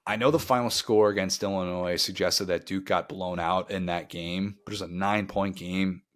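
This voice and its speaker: A man with a fairly low voice co-hosts a college football podcast in easy, casual talk. He is wry and opinionated, stretching out words for emphasis. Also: steady tone, moderate pace. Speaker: podcast co-host. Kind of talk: casual sports podcast chat.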